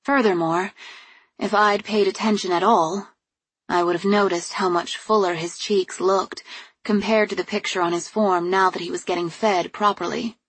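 A woman reading first-person audiobook narration in a calm, measured way. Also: medium pitch, slightly rough, no room sound.

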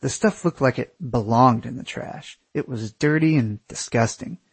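A young man reads a first-person travel story in a crude, wry storytelling manner. His voice is somewhat husky and sits at a middle pitch. It is recorded dry and close. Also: normal speed, dry recording. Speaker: narrator.

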